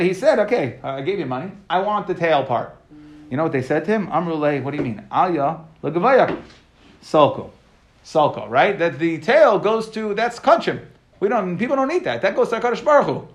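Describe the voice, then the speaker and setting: A man teaching a Talmud class, reading each line and explaining it in casual, lively talk with modern asides. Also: high-pitched. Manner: reads each phrase, then explains it casually.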